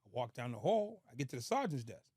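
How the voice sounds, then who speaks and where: A middle-aged man telling a story as a podcast guest, animated, with street slang and emphatic repetition. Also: mid-range voice, fast talker, husky, no echo, studio quality.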